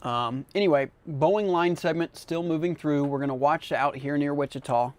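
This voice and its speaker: A man's voice: on the high side, moderate pace, a little hiss or hum. A man hosting live severe weather coverage on the radio, chatting casually as he tracks storms and eats. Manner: casual, chatty, talks with mouth full. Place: radio studio.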